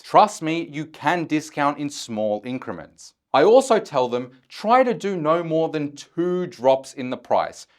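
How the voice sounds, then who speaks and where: A man coaching chatters on handling objections, talking bluntly and swearing casually. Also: fairly high pitch. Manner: acts out sample chat messages in a shy voice. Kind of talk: instructional explainer.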